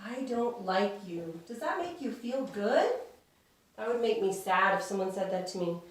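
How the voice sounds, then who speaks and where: A woman leading a children's church lesson, speaking gently and simply and asking the kids questions. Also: mid-range voice, sing-song, moderate pace, very echoey, recorded from a distance, a little hiss or hum. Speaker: children's Sabbath school teacher.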